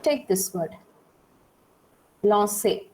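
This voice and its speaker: A woman's voice: medium pitch, animated, drawn-out words, darkish tone, rough recording. A woman teaching a French class, explaining patiently and repeating points while checking that her students follow. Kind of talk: classroom lecture.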